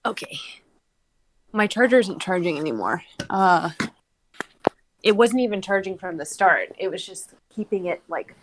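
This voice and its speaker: A woman's voice: on the low side, expressive, normal speed, long pauses, noisy background. A woman reading a story aloud in a casual way, stopping to comment on the text. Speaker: reader and co-host.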